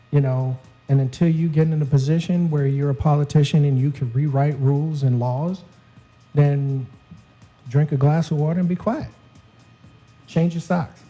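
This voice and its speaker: A middle-aged man co-hosting a casual chat show, animated and joking, acting out quotes. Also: a little high, low-quality recording. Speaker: co-host.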